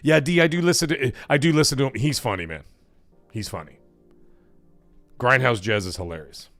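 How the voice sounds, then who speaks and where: A man's voice: mid-range voice, normal speed, fairly bright tone, dry recording, faint music behind. A man hosting a casual gaming livestream, chatty and rambling, laughing often as he reads chat. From Italian-American background. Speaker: livestream host.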